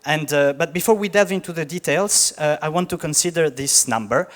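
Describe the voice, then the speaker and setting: A young Italian man talks to an audience with a heavy Italian accent, breaking the ice with jokes and plenty of ums and restarts. His voice sits a little high. The sound carries a long reverb from a big hall. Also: a bit bright. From Italy. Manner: joking, halting with many fillers. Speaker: startup founder giving a talk. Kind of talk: conference talk.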